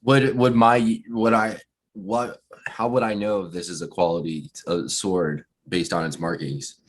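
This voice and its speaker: A man's voice: deep voice, steady tone, unhurried. A man playing in a tabletop game, asking hesitant questions. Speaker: player. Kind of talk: casual tabletop play.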